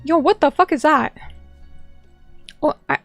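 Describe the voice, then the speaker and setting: Young woman, streamer chat, high pitch, rambling with fillers, restarts, dry close sound. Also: lively intonation, measured pace, a bit bright, no room sound, faint music behind.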